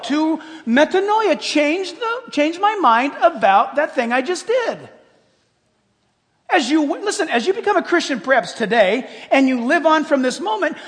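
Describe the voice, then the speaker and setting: An older man preaching a sermon as pastor, animated, swinging between loud exclamations and hushed asides. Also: very high-pitched. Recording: long hall reverb.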